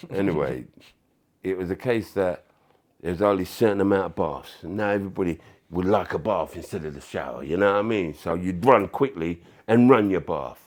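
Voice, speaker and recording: An older man with a London accent telling animated stories as a podcast guest, swearing and acting out quotes with loud bursts. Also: low voice, normal speed. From England. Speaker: podcast guest, former footballer. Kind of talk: casual storytelling.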